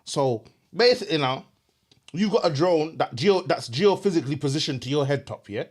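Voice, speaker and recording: A young man, co-hosting a comedy podcast and doing a slangy mock business pitch. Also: lively intonation, fairly quick. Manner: slangy, giggling fits, sleep-deprived. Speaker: podcast co-host.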